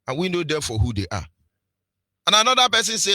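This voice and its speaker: A man's voice: on the high side, big pitch swings, brisk, sharp tone, dry recording. A man with a Nigerian accent giving impassioned political radio commentary, preachy, firing off rhetorical questions and sing-song emphasis. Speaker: radio presenter.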